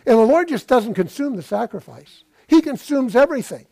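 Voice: medium pitch, animated, a little fast, dark tone. A pastor preaching a sermon, retelling a scripture story and asking the listeners rhetorical questions.

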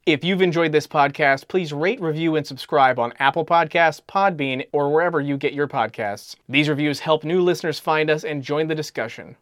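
A man's voice: a little high, no echo, clean studio sound. Man reading a podcast outro. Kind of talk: read promotional outro.

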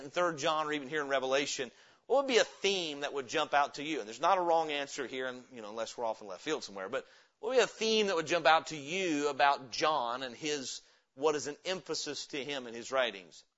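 A man preaching a sermon in a church, his voice bright and forceful and set a little high. He keeps asking the congregation questions and then answers them himself. The recording is dull and lo-fi. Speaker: pastor. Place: church sanctuary.

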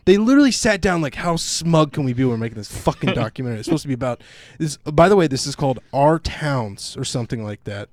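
A man's voice: mid-range voice, expressive, fast, hardly any pauses. A man co-hosting a podcast, ranting casually and sarcastically with lots of swearing and mocking quotes. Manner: sarcastic, mocks others in put-on quotes. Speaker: podcast co-host. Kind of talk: profane casual rant.

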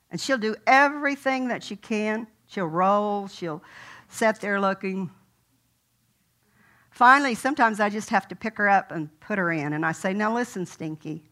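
A woman's voice: medium pitch, sharp tone. An older woman preaching a sermon in a folksy, conversational way, telling a personal story.

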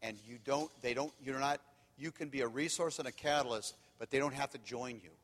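A man preaching, telling candid stories that swing from loud and animated to quiet and hushed. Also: medium pitch, a little fast. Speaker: pastor. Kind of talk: sermon. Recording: long hall reverb.

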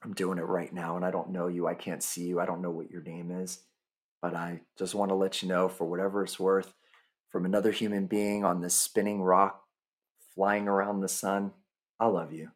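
A man's voice: deep voice, monotone, normal speed. A man hosting a podcast, speaking earnestly and directly to the listener in a motivational monologue. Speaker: podcast host.

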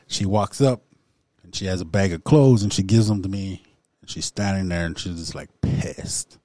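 Low-voiced man, halting testimony at a recovery meeting, lots of throat-clearing, dry close sound. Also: mellow, no echo. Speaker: recovery group member sharing. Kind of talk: personal testimony in a recovery circle.

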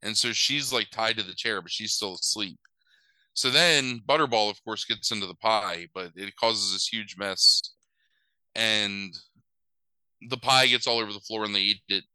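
A man's voice: on the low side, normal speed, sharp tone, clean tone, no room sound, poor audio. A young man casually recapping a movie plot, rambling with lots of fillers and wry asides.

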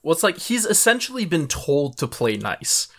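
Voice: medium pitch, sing-song, moderate pace, fairly bright tone. Laid-back young podcast co-host recapping. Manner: laid-back recapping, laughs at own jokes. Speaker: podcast co-host summarizing episodes. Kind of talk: casual chat and episode recap.

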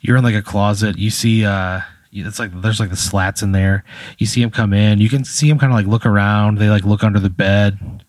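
A man's voice: lowish voice, fairly even intonation, brisk, no echo. A man casually spinning an improvised scenario, rambling with lots of fillers and laughing at his own jokes. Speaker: host running an improvised scenario.

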